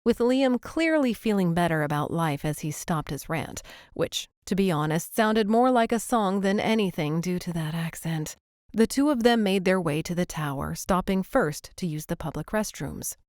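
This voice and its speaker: A woman narrating a romance audiobook, smooth and gently expressive. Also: on the low side, normal speed, dry recording, clean studio sound.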